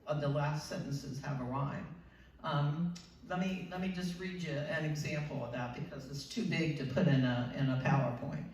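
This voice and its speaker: A woman presenting at a writing workshop, explaining poetic form and reading verse slowly. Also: deep voice. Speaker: writing group member presenting. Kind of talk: workshop talk on poetry. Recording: echoey room, distant mic.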